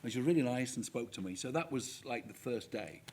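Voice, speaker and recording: A man who acted as a child, telling lively stories as a guest on a live cinema Q&A panel. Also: medium pitch, fairly quick, slight background noise. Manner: lively anecdotal, laughs as he tells. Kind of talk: storytelling on a panel. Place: cinema stage before an audience.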